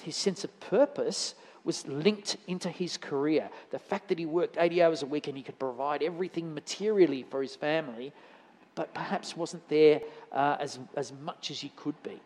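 A man's voice: fairly high pitch, normal speed, a little mellow. A man giving a conversational sermon in church, telling anecdotes with frequent restarts. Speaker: lay preacher. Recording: church hall reverb.

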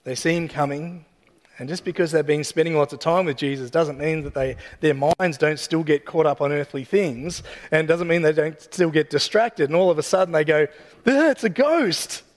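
Preacher type: man with a high voice, relaxed and joking as he tells the story, in a big echoing church hall. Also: moderate pace. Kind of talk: sermon. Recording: long hall reverb.

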